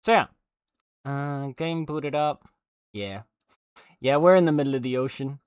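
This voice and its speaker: A male livestreamer chats casually in a mid-range, smooth voice, going a little slow. He rambles with plenty of fillers and restarts, and the recording is dry.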